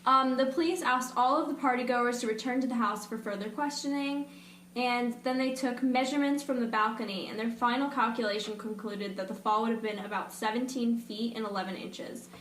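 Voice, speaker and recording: A woman's voice: fairly high pitch, fairly even intonation, fairly quick, fairly bright tone, slight background noise. A young woman co-hosting a podcast, walking through a true-crime case with wry, skeptical asides. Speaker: podcast co-host. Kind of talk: casual true-crime chat. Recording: echoey room.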